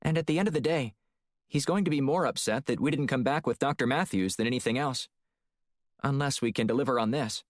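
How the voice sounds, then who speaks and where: A male audiobook narrator voicing a steady, cautious female intelligence handler who talks in a measured, advising way. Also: medium pitch, no room sound, clean studio sound, pitched above the performer's own voice, natural voice.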